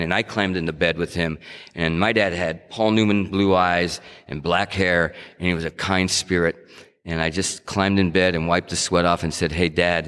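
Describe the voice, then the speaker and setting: A middle-aged man from New England shares his testimony at a sobriety meeting, his voice sitting very low. He talks in an earnest, conversational way and often circles back to restart a sentence. The sound carries a long reverb, as if he were speaking in a meeting hall. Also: fairly bright tone, clear, resonant tone.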